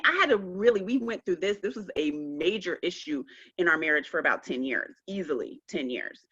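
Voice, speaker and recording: A woman speaking emphatically on a virtual call, telling stories with lively acted-out quotes. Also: fairly low pitch, slightly rough, lo-fi sound. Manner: emphatic, animated storytelling. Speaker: guest speaker. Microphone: video call.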